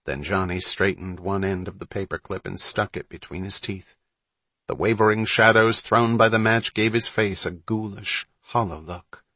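A man narrating a story in a measured, suspenseful reading. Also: sits low, steady tone, bright, forceful tone, no echo. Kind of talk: audiobook narration.

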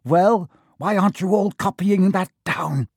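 A man voicing a cold, sneering male potions teacher who speaks slowly, low and cutting. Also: gravelly, husky, no echo, clean studio sound, heavily acted.

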